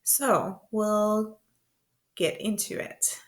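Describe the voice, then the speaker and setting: A woman teaching beginner words to parents, slow and patient, repeating each word in rhythm. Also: mid-range voice, steady tone. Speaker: language teacher. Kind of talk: beginner language lesson.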